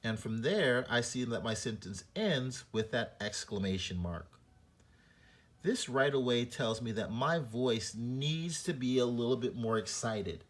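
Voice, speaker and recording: A man teaching a reading lesson, explaining punctuation and reading a short story aloud to show flat and expressive delivery. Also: mid-range voice, unhurried.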